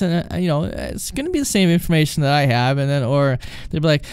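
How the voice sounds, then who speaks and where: A man's voice: fairly high pitch, lively intonation, fast, few pauses, darkish tone, clean tone, no room sound. A Canadian man hosting a podcast, casually telling call-centre stories and acting out the quoted phone calls. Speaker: podcast host and former call-centre agent. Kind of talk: casual storytelling.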